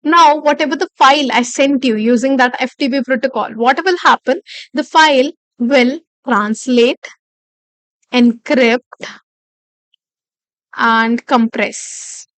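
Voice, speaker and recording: In a live online class, a woman instructor with a high, fairly bright voice goes through the material step by step, speaking slowly and pausing often. She repeats important phrases and checks in regularly with "okay." Her voice is recorded close and dry, without echo or room sound.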